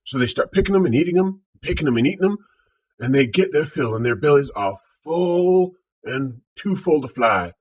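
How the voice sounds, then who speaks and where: A man's voice: a little high, lively intonation, normal speed, husky. A man with a Southern US accent casually telling funny stories and jokes, playfully acting out sounds. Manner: playful, acts out sounds like purring. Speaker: storyteller. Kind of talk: casual story time and joke telling.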